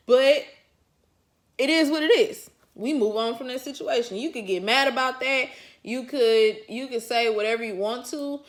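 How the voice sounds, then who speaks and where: A woman's voice: on the high side, moderate pace. A woman vlogger telling a personal story to her viewers in casual, colloquial chat, chuckling often as she talks. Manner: talks straight to the audience.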